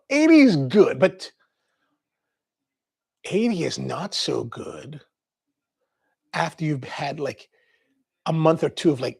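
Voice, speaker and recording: A man's voice: fairly high pitch, creaky, slightly rough. A man from Maryland hosting a coffee livestream, telling a rambling casual story and reading viewer comments. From Maryland, US East Coast. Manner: rambling storyteller, quotes people in voices, laughs.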